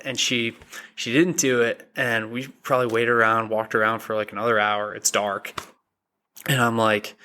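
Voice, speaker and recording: A young man, a podcast guest, telling a story in a casual, animated way and acting out the quoted dialogue. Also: medium pitch, moderate pace.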